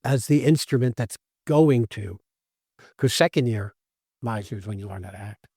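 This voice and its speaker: Male acting-teacher co-host, conversational and animated, acts out quoted lines; mid voice, dead-dry recording. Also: mid-range voice, moderate pace, breathy edge, no echo. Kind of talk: casual conversation.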